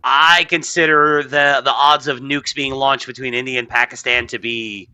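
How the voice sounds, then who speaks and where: American dude cohosting a pod, swears constantly, stumbles over words, sharp bright voice. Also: male voice, mid-range voice, steady tone, moderate pace. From United States. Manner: profane, laughs often, stammering restarts. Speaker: podcast co-host. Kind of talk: casual crude political banter.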